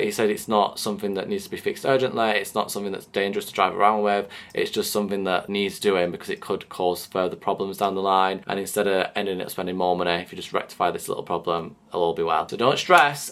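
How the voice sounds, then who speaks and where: A young man, chatting casually to camera in a vlog, self-mocking and quick to laugh. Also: low-pitched, a bit bright. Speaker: vlogger. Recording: faint background noise.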